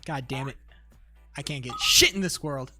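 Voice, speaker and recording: Excitable, swearing young male streamer. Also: mid-range voice, moderate pace, faint music behind. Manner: profane, excitable, talks to chat between bursts of laughter. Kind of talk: casual live-stream gaming chat.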